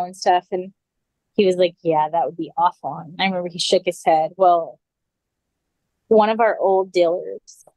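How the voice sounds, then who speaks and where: A woman's voice: on the low side, darkish tone, no echo, low-quality recording. A woman guest on a podcast, recounting a personal story casually, full of "like" and acted-out quotes.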